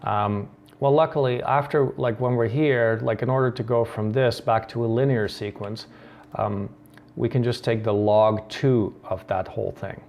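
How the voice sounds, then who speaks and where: A man's voice: mid-range voice, steady tone, moderate pace, a little mellow. A man from the Netherlands hosting a coding tutorial, thinking aloud with many ums and restarts. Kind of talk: screen-recorded coding tutorial.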